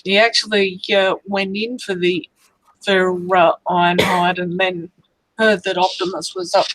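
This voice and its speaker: Slow-talking woman, enthusiastic stream chat. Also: lowish voice, steady tone, fairly bright tone, dry recording, low-quality recording. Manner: slow, enthusiastic fan talk. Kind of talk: casual chat on a livestream.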